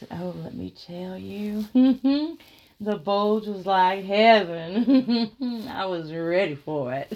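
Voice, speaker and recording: A woman telling a first-person erotic story, drawing out her words with soft murmurs and frequent giggles. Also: fairly low pitch, creaky, slight background noise.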